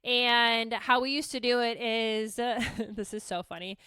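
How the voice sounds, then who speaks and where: Woman, high voice, crisp, dry close sound, casual storytelling, candid, swears freely. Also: steady tone, measured pace, bright, forceful tone, no room sound. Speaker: podcast host.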